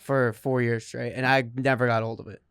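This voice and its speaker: A man's voice: mid-range voice, steady tone, brisk, fairly bright tone, clean tone, dry recording, clean studio sound. A young man co-hosting a casual podcast, replying in an easygoing, agreeable way. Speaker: podcast co-host. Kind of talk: casual chat.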